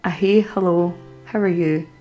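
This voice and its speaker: A woman's voice: on the low side, fairly even intonation, normal speed, dark tone, faint music behind. A woman hosting a podcast, talking reflectively and giving advice to her listeners. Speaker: podcast host. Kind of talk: podcast conversation.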